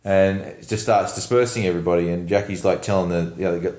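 A man's voice: low voice, steady tone, quick pace, a little mellow. A man casually retelling a film scene by scene, rambling with fillers and laughing. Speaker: podcast co-host. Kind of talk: casual movie recap chat. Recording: echoey room.

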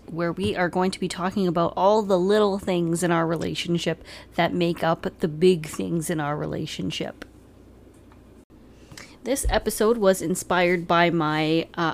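A woman co-hosting a casual podcast with her partner, teasing him and laughing often. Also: lowish voice. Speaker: podcast co-host. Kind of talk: casual couple chat.

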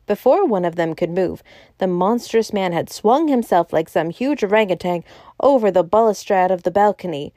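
Woman audiobook narrator, measured, mellow, dry close read. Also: medium pitch, animated, no echo. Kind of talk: scripted narration.

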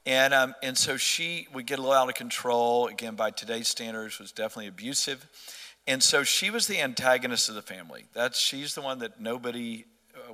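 A man's voice: medium pitch, bright, forceful tone, long reverb tail. A middle-aged man earnestly telling a personal faith story in conversation, often restarting his sentences. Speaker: interview guest.

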